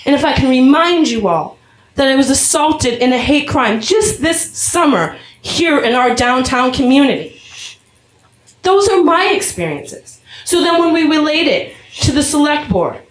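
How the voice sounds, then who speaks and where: A woman's voice: sits high, lively intonation, moderate pace. Impassioned woman speaking in a roomy hall. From Vermont, USA. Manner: earnest, impassioned, emotional. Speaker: public commenter. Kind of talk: public comment at town meeting. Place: town meeting hall.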